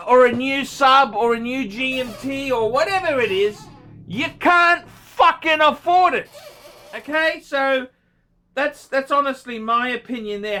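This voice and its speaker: An Australian man lays into a viewer in an off-the-cuff watch review, swearing freely and talking bluntly. His voice is bright and forceful, with a scolding edge. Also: extremely high pitch. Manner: blunt, heavily profane, scolding. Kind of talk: unscripted paid review rant.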